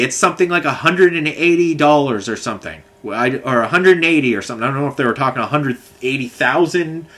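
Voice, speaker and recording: Man, bright, rambling angry rant, swearing constantly. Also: mid-range voice, expressive, fast talker, hardly any pauses. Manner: angry, profane, rambling storytelling. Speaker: vlogger. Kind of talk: ranting monologue.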